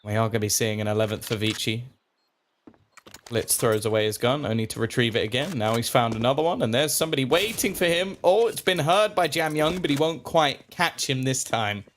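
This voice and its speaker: A man's voice: medium pitch, fairly bright tone, a little hiss or hum. Man casting a video game match. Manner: quick, playful, joking banter. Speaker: esports caster. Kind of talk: play-by-play commentary.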